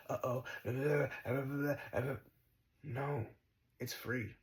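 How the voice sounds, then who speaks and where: A man's voice: mid-range voice, rough recording. A man talks as a spiritual teacher in a mid-range voice. He is blunt and swears freely, mocks his listeners and hammers at them with short repeated commands. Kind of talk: spiritual monologue.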